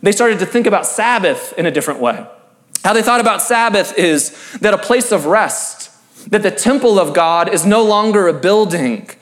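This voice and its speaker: A pastor giving an earnest, emphatic sermon-style talk, reading scripture and building through repeated phrases. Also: male voice, high voice, expressive, normal speed.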